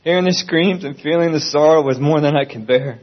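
A man's voice: fairly high pitch, brisk, dull audio. A man giving an earnest, pleading Christian testimony.

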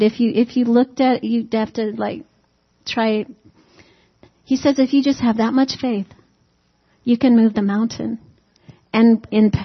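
A woman with a fairly high voice delivers a relaxed, homey sermon, tossing questions out to the congregation and slipping in little jokes. The recording is dull and lo-fi, with the top end muffled. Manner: conversational, asks the congregation rhetorical questions; folksy humorous asides. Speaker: preacher.

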